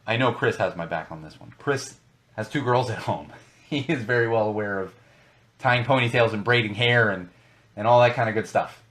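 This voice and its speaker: A man's voice: on the low side, moderate pace, fairly bright tone. A young adult man hosting a podcast, talking casually and emphatically, repeating words for stress. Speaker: podcast host.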